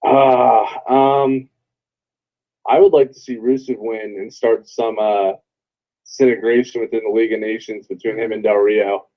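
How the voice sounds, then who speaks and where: A man's voice: fairly low pitch, little pitch movement, normal speed, dull audio. A man co-hosting a casual wrestling podcast, blunt and swearing freely. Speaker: podcast co-host.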